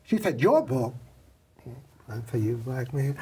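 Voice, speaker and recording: An older man, a makeup artist guest, telling animated stories in an interview and acting out the voices of the people in them. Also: medium pitch, unhurried, far from the mic, slight background noise. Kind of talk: storytelling interview.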